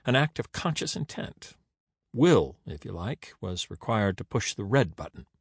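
A man narrating an audiobook in an expressive, dramatic reading. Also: fairly low pitch, a little slow, creaky, breathy edge, no echo, studio quality.

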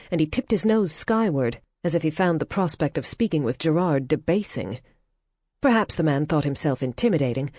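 A woman narrating an audiobook in a measured, even storytelling manner. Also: deep voice, no room sound, studio quality. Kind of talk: scripted narration.

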